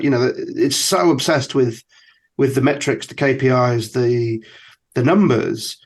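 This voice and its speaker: A man in his forties hosting a podcast, asking questions in a thoughtful, halting way. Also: medium pitch. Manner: thoughtful, halting, many restarts. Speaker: podcast host. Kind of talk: interviewing, casual chat.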